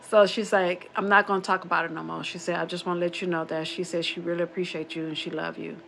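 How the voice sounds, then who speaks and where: A woman with a low, gravelly voice tells a spooky true story about her family in a loose, rambling way. She circles back on herself and slips into quoted back-and-forth dialogue as she goes. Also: little pitch movement, fast talker, fairly bright tone, slight background noise. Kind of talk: casual spoken true story.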